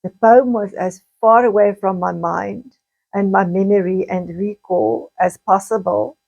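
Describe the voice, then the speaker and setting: Middle-aged woman, unhurried hesitant personal storytelling, average pitch. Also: lively intonation, gravelly, darkish tone, lo-fi sound. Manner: slow, halting, with frequent restarts and pauses. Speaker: vlogger recounting childhood memories.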